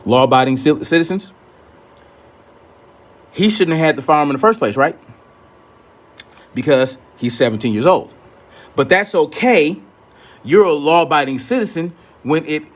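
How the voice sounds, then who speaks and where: A man rants straight at his critics, blunt and profane, daring them to argue. He repeats his points to hammer them home, with his voice sitting at an ordinary middle pitch. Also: normal speed, long pauses. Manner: repeats himself for emphasis. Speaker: commentator. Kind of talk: ranting commentary.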